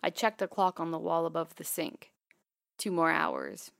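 A woman narrating a first-person memoir in a quiet, measured, intimate way. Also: deep voice, big pitch swings, gravelly, dry recording, clean studio sound.

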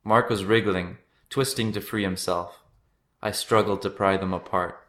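A man reading his own written personal story aloud in a steady storytelling manner. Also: deep voice, normal speed.

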